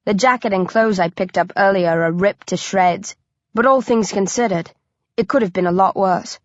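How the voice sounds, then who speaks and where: A woman's voice: mid-range voice, moderate pace, no echo. A woman reading a first-person thriller audiobook, with tense, vivid storytelling. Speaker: audiobook narrator. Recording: dry, dull lo-fi recording.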